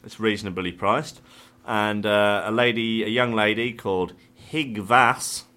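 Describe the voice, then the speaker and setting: A man's voice: lowish voice, steady tone, unhurried, pushed and bright. A man hosting a casual comedy chat, giggly and playful. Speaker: podcast host.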